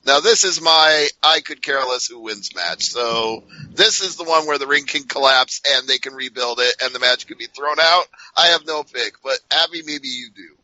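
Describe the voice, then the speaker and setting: Man, podcast host, very bright voice, blunt, dull dry lo-fi sound. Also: mid-range voice, moderate pace, dry recording. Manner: blunt, moves the panel along. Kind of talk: casual podcast chat.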